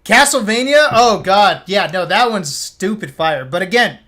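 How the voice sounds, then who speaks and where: A man's voice: high voice, lively intonation, a little slow, bright, forceful tone. A young man streaming live, ranting in a blunt, sarcastic way and swearing freely. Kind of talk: casual live-stream rant.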